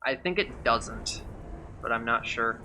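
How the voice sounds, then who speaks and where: A man's voice: medium pitch, a little slow, background noise. A man giving casual gameplay commentary during a speedrun, chatty, sarcastic and rambling.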